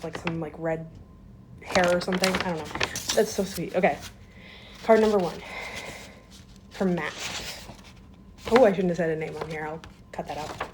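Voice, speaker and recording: A young woman records a casual vlog on her phone in a classroom, chatty and full of fillers, her voice wavering as if near tears. Her pitch sits in an ordinary middle range. A faint hiss runs underneath. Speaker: school aide. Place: school classroom.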